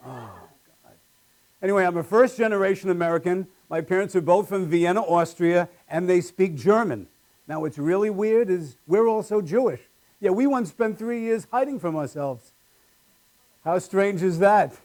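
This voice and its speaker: Man, stand-up comedian, high voice, wry self-deprecating delivery, live small stage. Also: normal speed, darkish tone.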